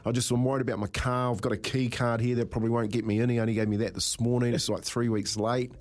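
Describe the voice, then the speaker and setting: A man hosting breakfast radio, telling a story with lots of laughs and a steady string of "mate". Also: mid-range voice, fast. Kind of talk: casual radio banter. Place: radio studio. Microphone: studio microphone.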